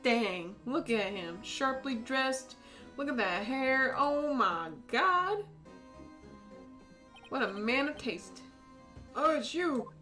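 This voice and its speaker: A woman's voice: sits high, lively intonation, slow pace, pushed and bright, soft background music. A young woman casually commenting while she plays a story game, giggling often and gushing over the characters. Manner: giggly, playful, gushing asides. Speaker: let's-play streamer. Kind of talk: casual game commentary, reading dialogue aloud.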